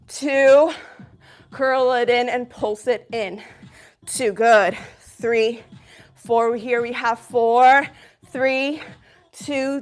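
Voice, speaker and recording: A woman's voice: on the high side, fairly bright tone. A woman fitness instructor coaching a live workout, upbeat and encouraging as she counts reps, a little out of breath. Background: workout music.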